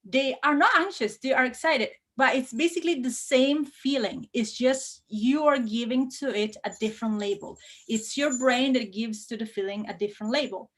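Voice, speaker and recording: Bubbly woman, high voice. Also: normal speed, hardly any pauses. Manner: bubbly and effusive, with excited bursts. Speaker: Italian language teacher hosting a live Q&A. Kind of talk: casual live-stream chat.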